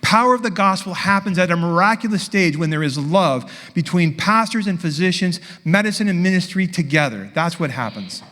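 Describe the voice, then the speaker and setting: A man preaching a sermon, telling a story with lively dialogue and acting out both sides. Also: high voice, brisk, few pauses, long reverb tail. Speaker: pastor.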